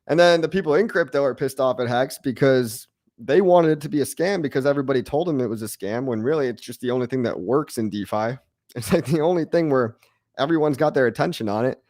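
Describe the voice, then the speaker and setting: Hyped up guy streaming crypto to his chat, mid pitch, dry close mic. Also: no echo. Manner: excitable, brash, mocking haters, repeats lines. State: out of breath. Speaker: crypto livestream host. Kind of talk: live-stream chat reacting to viewers.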